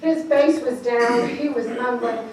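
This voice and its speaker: A woman giving an animated storytelling speech to an audience in a large event hall, laughing often and acting out the voices in her stories. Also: on the high side, unhurried, a little hiss or hum. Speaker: motivational speaker. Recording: echoey hall from far off.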